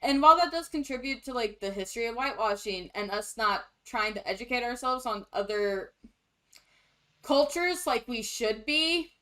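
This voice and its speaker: A young woman co-hosting a podcast in casual chat, animated and blunt, laughing often. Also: on the high side, normal speed. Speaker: podcast co-host.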